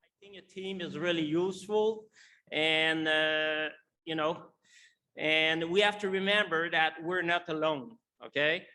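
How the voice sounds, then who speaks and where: French Canadian man, bright and high. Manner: halting, many fillers and restarts. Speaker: conference speaker. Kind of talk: conference presentation.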